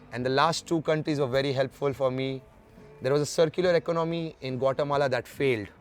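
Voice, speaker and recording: Man telling stories. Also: medium pitch. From India. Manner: lively storyteller who acts out the dialogue. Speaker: guest. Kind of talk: storytelling in an interview.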